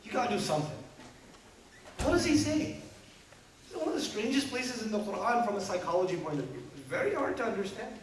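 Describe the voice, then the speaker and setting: A man delivering a sermon to a gathering, animated, with rhetorical questions and humorous asides. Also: high-pitched, rapid-fire, few pauses, slight background noise. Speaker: preacher. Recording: echoey hall from far off.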